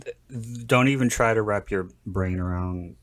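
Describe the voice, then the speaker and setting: A man with a fairly low voice hosts a podcast, talking a little slowly in a casual, rambling way. He jokes around and keeps breaking off to restart his sentences.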